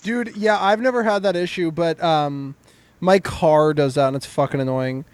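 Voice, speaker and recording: A young man in his twenties co-hosting a comedy podcast, telling loud, swear-filled anecdotes in casual chat. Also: a little high, normal speed, smooth, no echo. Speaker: podcast co-host.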